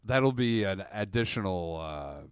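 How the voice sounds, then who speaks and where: A man co-hosting a casual comedy podcast, spinning crude stories and jumping into loud acted quotes. His voice swoops up and down with lively pitch. The sound is close and dry. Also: unhurried, smooth, no echo. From rural farm upbringing. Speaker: podcast co-host.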